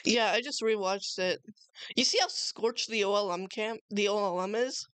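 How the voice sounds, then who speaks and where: Excitable, cursing woman streamer, dry sound. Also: mid-range voice, normal speed, clean tone, no echo. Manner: excitable, swears freely, casual slang. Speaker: livestream host. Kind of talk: casual live reaction chat.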